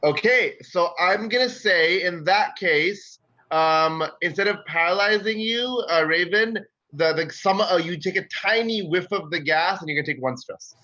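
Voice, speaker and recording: A man acting as game master of a tabletop game, talking in a halting way with many fillers and restarts. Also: high voice, bright, forceful tone, lo-fi sound.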